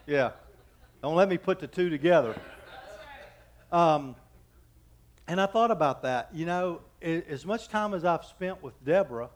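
A man in his fifties preaching a sermon as pastor, telling folksy, joking anecdotes and often stopping to restart his sentences. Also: a little high. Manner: halting, with frequent restarts.

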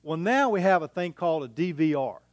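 A middle-aged male pastor preaching in a chatty, folksy manner, tossing out rhetorical questions and bits of homespun humour. His voice sits a little high for a man, and it is recorded close and dry with no room sound around it. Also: lively intonation, a little fast, no room sound. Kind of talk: sermon.

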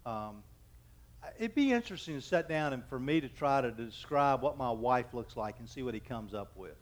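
A man's voice: mid-range voice, lively intonation. A man in his fifties preaching a sermon as pastor, telling folksy, joking anecdotes and often stopping to restart his sentences. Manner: halting, with frequent restarts.

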